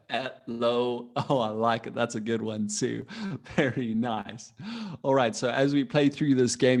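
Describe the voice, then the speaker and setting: A man's voice: mid-range voice, a little mellow. A man teaching children in a live online class over a video call. He sounds friendly and encouraging, laughs often and talks casually with restarts.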